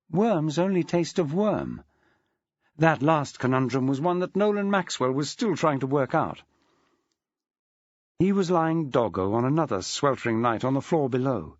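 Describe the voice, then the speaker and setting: A man's voice: fairly high pitch, no echo, lo-fi sound. A man narrating an audiobook in a dry, wry storytelling manner. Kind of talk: scripted narration.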